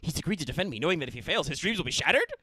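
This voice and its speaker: A man playing a nervous young defendant from a video game, in a bright, tense voice that jumps up and down. He asks urgent, earnest questions, with faint game music behind him. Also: a little high, very animated, rapid-fire, slight background noise, pitched above the performer's own voice. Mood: worried. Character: anxious young male defendant.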